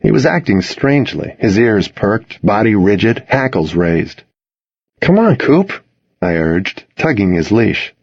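A man reading a story aloud in the first person, with a measured, intimate storytelling manner. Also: on the low side, expressive, creaky, no room sound, lo-fi sound. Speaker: audiobook narrator. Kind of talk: first-person scripted narration.

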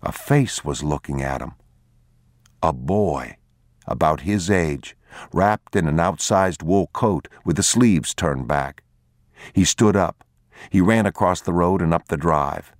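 A man narrating a novel aloud in a measured, grave reading. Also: low voice, no echo, studio quality. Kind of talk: audiobook narration.

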